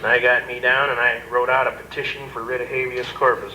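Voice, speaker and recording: A man's voice: mid-range voice, flat delivery, fairly quick, few pauses, sharp tone. A man telling a humorous anecdote to an audience, in a chatty, amused, folksy way with hesitant fillers. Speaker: storyteller. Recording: echoey noisy room recording.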